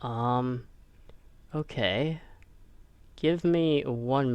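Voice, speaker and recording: A man narrating a tabletop game as game master, often pausing to find his words. He speaks at a middling pitch. The sound is dry and close over a home voice-call mic. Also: animated, a bit bright, no echo. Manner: hesitant, many fillers while narrating.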